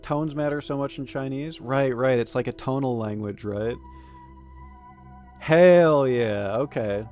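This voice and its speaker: A man's voice: mid-range voice, unhurried, darkish tone, faint music behind. A man streaming live, chatting casually and joking as he reads game text and chat messages aloud.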